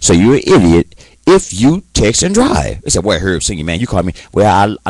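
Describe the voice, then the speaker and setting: A deep-voiced man hosts his own show and rants to his viewers. His pitch leaps wildly from low rumbles to high shouts, and he stammers and restarts as he goes. The sound is dry and close. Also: sing-song, brisk, no echo, rough recording. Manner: angry, repetitive, stammering restarts, shouting peaks. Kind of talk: impassioned solo monologue.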